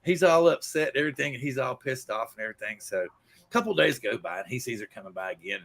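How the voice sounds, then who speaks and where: A man's voice: medium pitch, animated, fast talker, creaky, a bit bright. A man hosting a casual group show, telling a long joke in a rambling, folksy way. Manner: rambling, folksy storyteller with lots of fillers. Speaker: podcast host.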